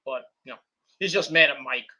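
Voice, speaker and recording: A man's voice: a little high, brisk, bright, forceful tone. A man hosting a casual wrestling talk stream, rambling and profane, with many restarts and fillers. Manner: rambling, profane, full of "you know" and restarts. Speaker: streamer host.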